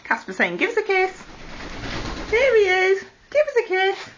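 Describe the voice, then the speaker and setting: A woman's voice: very high-pitched, wildly swooping pitch, normal speed, fairly bright tone, slight background noise. A woman doting on her pet parrots at home in playful, coaxing baby talk, heard through dull lo-fi home video sound. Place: living room at home with perched parrots.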